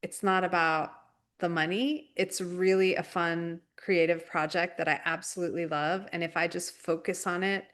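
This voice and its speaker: Woman co-host, lower voice, thinks aloud in halting phrases during a relaxed spiritual chat. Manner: reflective, searching, halting phrases. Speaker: podcast co-host.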